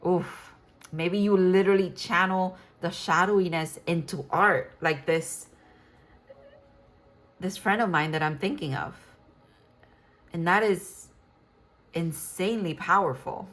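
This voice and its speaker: Tarot reader, woman in her 30s, lowish voice, chatty and excitable, lots of restarts. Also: slow, pauses often. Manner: rambling, enthusiastic, many restarts and fillers. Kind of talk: casual tarot reading monologue.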